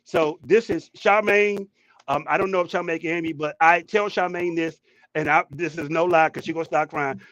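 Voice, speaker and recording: Man, co-host, high voice, dry close sound, excited, repetitive storytelling. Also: normal speed, dry recording, muffled recording. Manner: excited, storytelling, repeats words. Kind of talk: casual talk show chat. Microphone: headphones, studio mic.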